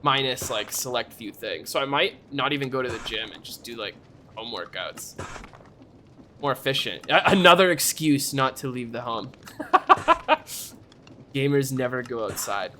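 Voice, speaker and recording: Animated ranting young male streamer. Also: mid-range voice, normal speed, pauses often, slight background noise. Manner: animated ranting, laughs often. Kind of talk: casual chat.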